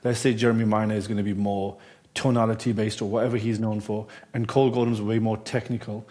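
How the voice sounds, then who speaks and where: Fast-talking, mellow-voiced male host. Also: on the low side, little pitch movement. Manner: asks questions and offers his own views. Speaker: podcast host. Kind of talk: conversational interview.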